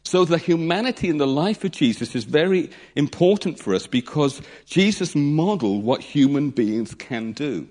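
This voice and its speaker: Guy preaching, really animated, voice jumps all over, acts out the stories. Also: a little high, moderate pace, hardly any pauses. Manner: animated, dramatic retelling with acted-out voices. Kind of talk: sermon.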